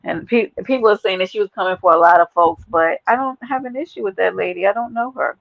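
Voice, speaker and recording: A woman with a Brooklyn New York accent hosting a casual livestream chat, brash, profane and animated, laughing often. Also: mid-range voice, fast, creaky, no echo, lo-fi sound. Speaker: livestream host.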